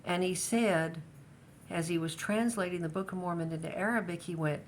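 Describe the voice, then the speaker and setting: A woman's voice: lowish voice, steady tone, moderate pace, a little hiss or hum. An older woman telling her life story in a casual family interview, hesitant, with many restarts and fillers.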